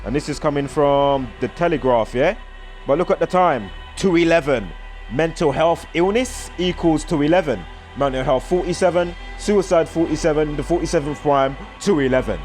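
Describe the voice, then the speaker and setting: A man's voice: on the high side, normal speed, a little mellow, soft background music. A man with a British accent, rambling through a casual vlog commentary and reeling off strings of numbers. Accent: British English. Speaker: vlogger.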